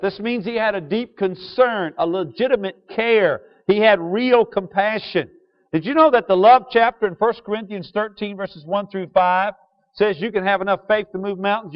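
High-voiced preacher, loud then hushed. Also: male voice. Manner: call-and-response questions to the congregation; swings from loud emphasis to quiet asides. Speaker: pastor. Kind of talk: sermon. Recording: dull lo-fi sound.

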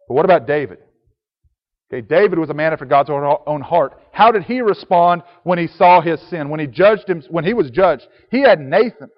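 A man preaching a sermon earnestly, reading scripture aloud in old-fashioned biblical wording. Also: fairly high pitch. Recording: dull sound with long reverb.

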